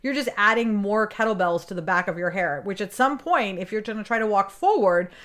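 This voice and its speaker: A woman's voice: medium pitch, lively intonation, fairly quick, a bit bright. Enthusiastic woman guest in casual interview. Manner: enthusiastic, talks in vivid metaphors. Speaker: podcast guest, business coach.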